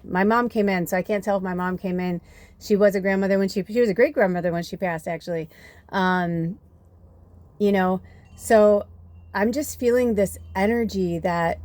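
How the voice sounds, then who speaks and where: A woman who works as a tarot reader and medium gives a casual reading in a lowish voice. She's chatty and rambling, swears casually, and sometimes drops into soft whispers.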